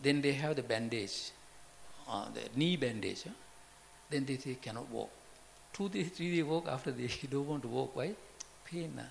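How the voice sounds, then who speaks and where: A man giving an informal Buddhist talk, halting and repetitive, often asking his listeners questions. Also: medium pitch, creaky. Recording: long hall reverb, faint background noise.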